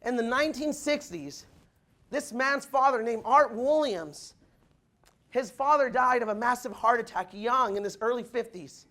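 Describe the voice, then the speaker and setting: A young man giving an energetic motivational business talk to a crowd, calling them "guys" and acting out what people said. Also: very high-pitched. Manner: energetic, addresses the crowd as guys, acts out quotes. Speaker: motivational speaker.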